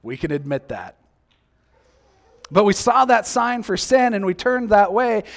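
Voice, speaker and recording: A man's voice: high-pitched, big pitch swings, unhurried, vocal fry. A male preacher giving a sermon, acting out quoted reactions and asking the listeners many questions.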